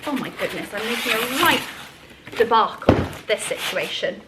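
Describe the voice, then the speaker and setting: A woman's voice: medium pitch, lively intonation, moderate pace, heavy background noise. A woman chatting casually and gushing as she unboxes things at home. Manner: gushing, effusive. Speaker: vlogger.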